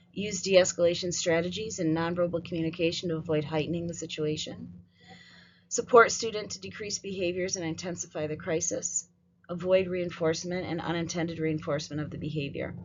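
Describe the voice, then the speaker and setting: A woman with a lowish voice leads a staff training talk, relaxed and conversational, checking in with her listeners as she goes. The audio is dull and lo-fi, with a faint hiss underneath. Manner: conversational, frequent "right?" and "um". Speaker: school behavior trainer. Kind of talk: training presentation.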